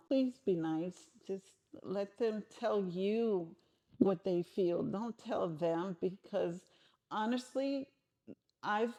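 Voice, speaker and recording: A woman's voice: mid-range voice, dark tone. A middle-aged woman answering interview questions frankly and conversationally, often restarting her sentences.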